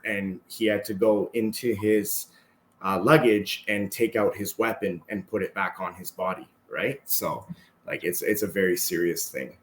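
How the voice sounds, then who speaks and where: A man's voice: lowish voice, roomy sound. A Canadian man speaking casually as a podcast guest, keeps adding "right?" to his sentences. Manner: relaxed, tags sentences with "right?". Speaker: podcast guest, martial arts instructor. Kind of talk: casual conversational storytelling.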